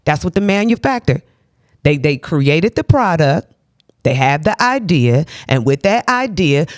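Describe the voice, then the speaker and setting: A low-pitched woman delivering a preachy motivational talk, her voice rising and falling widely as she repeats phrases and asks "okay?" She speaks at an unhurried pace and laughs now and then. The recording is close and dry, with no room sound. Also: no echo. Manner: laughs between lines. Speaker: host giving a faith-based motivational talk.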